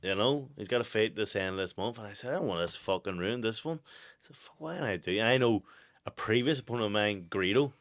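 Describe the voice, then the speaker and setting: A young man with a Northern Irish accent, telling stories in casual podcast chat, swearing freely and laughing loudly. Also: lowish voice, quick pace, no echo, clean studio sound. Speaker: podcast co-host, boxer.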